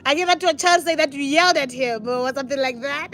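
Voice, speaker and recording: High-voiced chatty woman in her forties. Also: fast, fairly bright tone. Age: 40s. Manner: chatty, talks to viewers, laughs often. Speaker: vlogger, mother. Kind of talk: casual sit-down chat.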